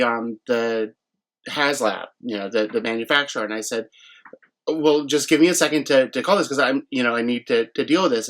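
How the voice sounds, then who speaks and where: A man casually retelling a frustrating delivery, animated and full of restarts. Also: mid-range voice. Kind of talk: casual storytelling.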